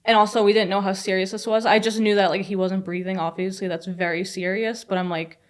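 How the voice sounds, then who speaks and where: A young woman telling a personal story as a podcast guest, fast and chatty with many fillers. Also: medium pitch, flat delivery. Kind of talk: casual storytelling.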